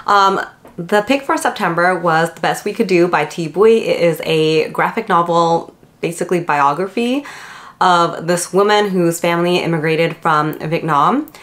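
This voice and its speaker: A woman's voice: lowish voice, normal speed, a bit bright. A young woman with a lisp from her retainers, chatting casually in a book vlog with lots of fillers. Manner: lisping from retainers; chatty, rambling with many fillers. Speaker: book vlogger. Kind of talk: casual chat.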